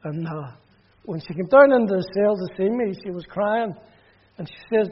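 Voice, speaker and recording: Northern Irish preacher, high voice, testimony storytelling, dull muffled sound. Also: male voice, moderate pace, husky. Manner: plain storytelling that drops quiet and low in sad parts.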